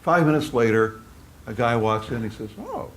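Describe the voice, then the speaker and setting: A man telling a long joke at a college talk, a lively storyteller who acts out the characters. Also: lowish voice, normal speed. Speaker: speaker at a philosophy humor talk. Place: lecture at a college.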